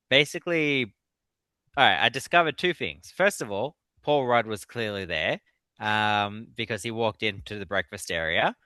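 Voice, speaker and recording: A man, a guest author in a casual interview, telling animated stories and laughing often. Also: mid-range voice, smooth, dry recording. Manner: animated storyteller.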